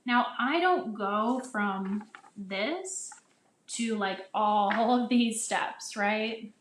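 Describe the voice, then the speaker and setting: A woman teacher walks other teachers through a phonics lesson in a casual, chatty way. She often restarts her sentences and sounds out vowel sounds as she would for young children. Her voice sits at a middle pitch and carries a noticeable echo from the room. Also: drawn-out words, a little hiss or hum. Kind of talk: casual instructional explanation. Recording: echoey room.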